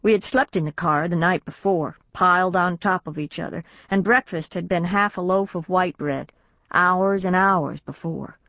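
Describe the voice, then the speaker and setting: Reading in the first person at a moderate pace, this audiobook narrator has a fairly low voice and a straightforward storytelling manner. She lifts her voice when the family speaks. The studio recording has no echo and sounds dry and a little dull.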